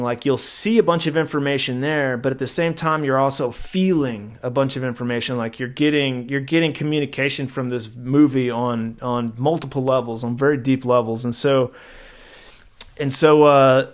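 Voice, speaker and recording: A man's voice: medium pitch, moderate pace. Rambling man telling a story casually. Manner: rambling, animated retelling with acted-out quotes and frequent restarts. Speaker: podcast co-host.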